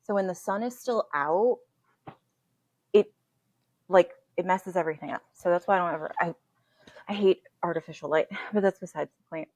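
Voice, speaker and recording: Candid, animated woman with a low voice. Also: normal speed, long pauses, no echo. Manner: candid, animated storytelling, swears freely. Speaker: podcast host. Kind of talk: casual chat. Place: home, indoors. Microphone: computer mic on a video call.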